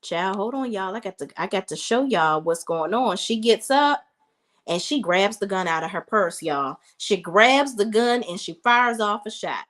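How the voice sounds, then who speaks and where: A woman hosting a casual recap vlog, chatty and animated, talking straight to her viewers. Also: mid-range voice, normal speed. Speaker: reality TV reviewer.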